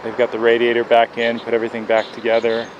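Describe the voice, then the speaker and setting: A man's voice: mid-range voice, completely flat delivery, fast, muffled recording. A man recorded on the road at a roadside garage, speaking in candid, unsure, casual commentary as he thinks aloud. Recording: field recording with traffic noise.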